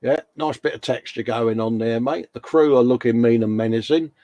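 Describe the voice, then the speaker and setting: A man's voice: mid-range voice, normal speed, dark tone, dry recording. A man hosting a casual model-building chat, joking in slang and putting on silly voices. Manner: jokey banter, slang, puts on funny voices. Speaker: host. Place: hobby workshop bench.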